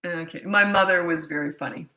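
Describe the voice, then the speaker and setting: A woman's voice: fairly low pitch, brisk, pushed and bright, reverberant, low-quality recording. A woman parenting coach answering questions in a blunt, chatty way that often breaks off mid-thought. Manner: blunt, chatty, self-interrupting. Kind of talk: casual live Q&A.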